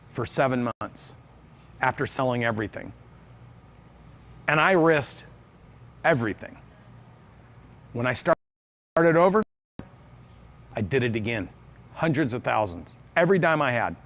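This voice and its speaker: A man's voice: mid-range voice, expressive, measured pace, long pauses, fairly bright tone, slight background noise. A man from the United States giving a motivational business talk on stage, emphatic and fond of repeating phrases in threes. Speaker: business speaker.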